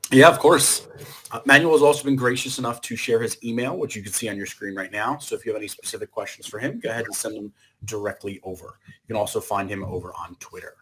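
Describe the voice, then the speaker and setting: A man's voice: fairly low pitch, fast, a bit bright, slight background noise, poor audio. A man hosting a webinar, thanking the guest and closing the session in a polite, formal way. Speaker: webinar host.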